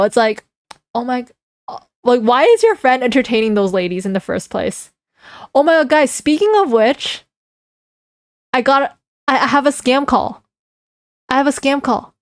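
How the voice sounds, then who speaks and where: A woman's voice: mid-range voice, darkish tone, no echo, studio quality. A young woman streamer chatting casually with her live chat, giggling and reading comments aloud before reacting to them.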